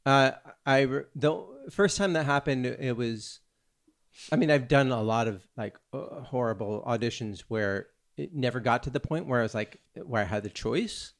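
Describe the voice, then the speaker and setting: A man with a gravelly, creaky edge to his voice, chatting casually. He tells a long, rambling story, stopping and restarting his sentences as he goes. The tone is loose, podcast-style conversation. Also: medium pitch, moderate pace. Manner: rambling, self-interrupting storyteller. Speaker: actor and podcast co-host. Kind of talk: casual chat.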